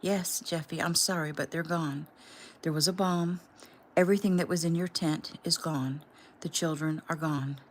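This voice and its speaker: A woman reading the lines of a calm, firm male rescuer in a low, steady voice. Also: normal speed.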